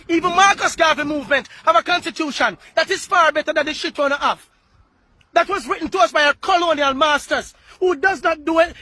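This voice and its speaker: A Jamaican man with a very high, bright, forceful voice launches into a fiery political rant. He often breaks into shouting and hammers his points home by repeating words. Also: no room sound. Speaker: political activist.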